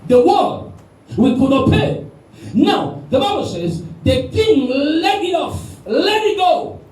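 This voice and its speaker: A man preaching a sermon with animated call-and-response, recorded in a church hall with the mic at a distance. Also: very high-pitched, slow pace. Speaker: pastor. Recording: echoey room, mic at a distance.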